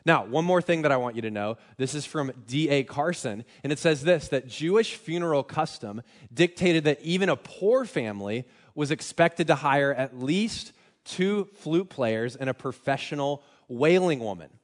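A man's voice: on the high side, expressive, normal speed. A young man preaching a sermon in a conversational, self-deprecating way, with frequent restarts. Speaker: pastor.

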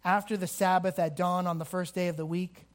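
A man preaching a sermon to a congregation, swinging between emphatic rises and slow, quiet stresses. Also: sits high, little pitch movement. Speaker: pastor. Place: church hall with a congregation.

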